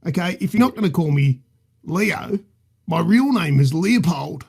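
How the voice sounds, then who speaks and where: A man's voice: on the high side, lively intonation, a little slow, creaky, darkish tone, slightly rough, heavily acted. A man with an Australian accent playing a crude, boastful middle-aged bloke who rambles and swears as a podcast guest. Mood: cheeky. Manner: cheeky, rambling, swears freely. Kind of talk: improvised comedy character.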